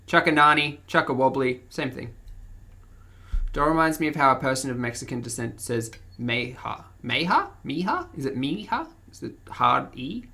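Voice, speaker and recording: A woman's voice: rumbling low, little pitch movement, normal speed, vocal fry, bright, forceful tone. An Australian woman with a mild accent, chatting casually with her livestream audience and laughing often as she reads the chat. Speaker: streamer.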